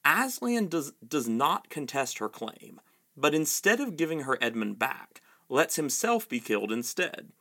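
A man's voice: on the high side, sing-song, measured pace, sharp tone. A man narrating a scripted video essay with dry, wry humor.

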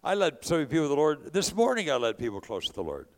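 A man's voice: on the high side, sing-song, racing. A man from California preaching a sermon, mixing conversational storytelling with impassioned calls to his congregation. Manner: preaching with rising bursts of volume.

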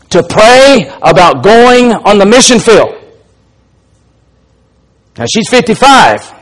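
A middle-aged man with an Alabama accent preaches from the pulpit. His voice sits somewhat high, and he tells stories with rising, emphatic force. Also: fairly bright tone, poor audio. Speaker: pastor. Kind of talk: sermon.

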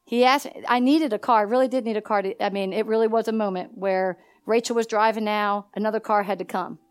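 A woman's voice: medium pitch, fairly even intonation, fairly quick, clear, resonant tone. A woman pastor preaching a sermon at a conference, asking the congregation to finish her sentences and telling personal stories. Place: church hall.

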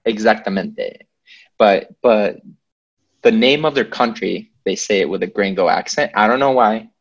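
A man's voice: fairly low pitch, moderate pace, slightly rough, highs cut off. A man co-hosting a podcast in casual chat, playfully explaining a point and switching into Spanish now and then. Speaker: podcast co-host.

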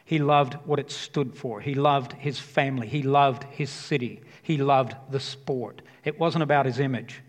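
A man preaching a sermon as pastor, talking passionately and emphatically and repeating his key phrases. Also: medium pitch. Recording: long hall reverb.

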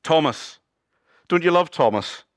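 A man preaching a sermon as pastor, moving between loud exclamations and hushed, low passages and asking his congregation questions. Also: expressive, a little slow, no echo, clean studio sound. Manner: asks the congregation questions and jokes with them. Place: church.

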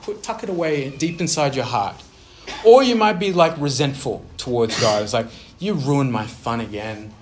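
A man preaching a sermon in a chatty, animated way, often throwing questions at his listeners. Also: mid-range voice, slight background noise.

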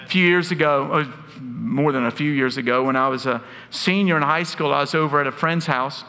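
A man's voice: a little high, brisk, pushed and bright. A man, preaching a sermon as pastor, telling stories earnestly with touches of humor. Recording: long hall reverb.

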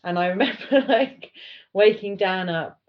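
A woman co-hosting a podcast, telling a story in a casual, animated way. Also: medium pitch, a little slow. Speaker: podcast co-host. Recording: dull lo-fi sound.

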